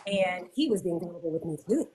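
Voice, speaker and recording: A woman's voice: lowish voice, expressive, quick pace, mellow, slight background noise. A woman in her forties, a caller on a dating advice show, earnestly telling about a bad first date. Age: 40s. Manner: earnest, emotional.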